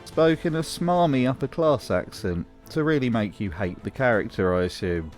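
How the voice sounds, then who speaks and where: A man talks through a scripted commentary with dry, mocking humor. His pitch bounces around a lot as he speaks. Soft music plays beneath him. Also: animated, normal speed. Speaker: host.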